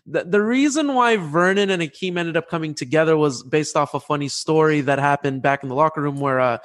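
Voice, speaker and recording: Excitable male podcast host, slightly high voice. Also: brisk. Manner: animated, excitable storyteller who restarts sentences. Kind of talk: casual sports chat and storytelling.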